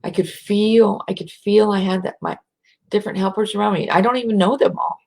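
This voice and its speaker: A middle-aged American woman with a slight rural twang, speaking softly and reflectively as a spiritual speaker, sometimes dropping into a whisper to guide breathing. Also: mid-range voice, steady tone. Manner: slow, soft, drops to a whisper at times.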